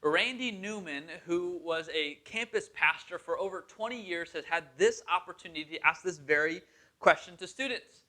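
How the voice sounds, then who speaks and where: A young pastor preaches in an earnest, conversational way, chuckling now and then as he talks. His man's voice sits high and sounds bright and forceful. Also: normal speed. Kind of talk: sermon storytelling.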